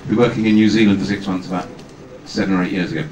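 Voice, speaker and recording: A man, a guest actor at a fan convention, telling self-deprecating anecdotes on stage with halting restarts. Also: low-pitched, fairly even intonation. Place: large hall with audience. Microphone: far camera, amateur video. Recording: echoey hall from far off, noisy amateur video.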